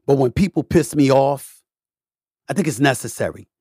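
A man's voice: moderate pace, husky, no room sound. Emphatic man ranting in a dry recording. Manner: emphatic, swings between low mutters and loud rants; profane, repetitive, preacher-like cadence. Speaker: podcast host. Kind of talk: opinionated monologue.

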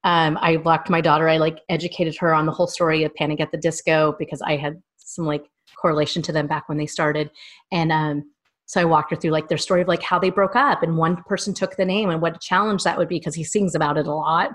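Thirties woman, kinda low voice, rambly storytelling guest in a chat. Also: fairly even intonation, quick pace. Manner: long, rambling personal storytelling. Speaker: small business owner and guest. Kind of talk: casual interview chat.

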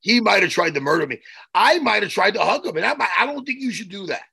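A man co-hosting a casual podcast, talking in an animated, jokey way that swings all over in pitch. His voice is gravelly and bright with a husky edge. The sound is close and dry. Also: quick pace, dry recording, poor audio. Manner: animated, jokey, acts out scenes. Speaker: podcast co-host. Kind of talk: casual chat.

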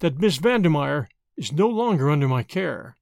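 A man's voice: a little high, big pitch swings, moderate pace, vocal fry, a little mellow, dry recording, studio quality. A man doing a polite, bewildered doctor. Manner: polite, hesitant. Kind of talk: audiobook character reading.

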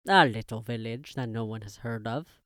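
A man's voice: medium pitch, fairly bright tone, no echo, studio quality, close to an everyday voice. A man playing an ancient, heavily accented old uncle. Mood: unctuous. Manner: heavily accented, halting formal English. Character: ancient grotesque old uncle, lonely, oozing false charm. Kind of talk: audio drama reading.

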